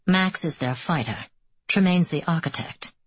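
Brief: soft-spoken protective young man, deep and breathy, dull audiobook sound , read by a woman. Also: lively intonation, normal speed, no echo. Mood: low-key. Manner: quiet, muttering. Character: wary, protective young male teammate.

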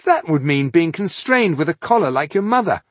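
A man's voice: on the high side, sing-song, moderate pace, a little mellow, breathy edge, no room sound, voice pushed up. A man voicing a placating male actor.

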